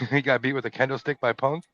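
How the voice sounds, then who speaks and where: Male podcast co-host, mid pitch, hesitant recollection, dry lo-fi sound. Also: level tone, brisk, fairly bright tone, no echo. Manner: hesitant, self-correcting recollection. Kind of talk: casual chat. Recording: dull dry lo-fi audio.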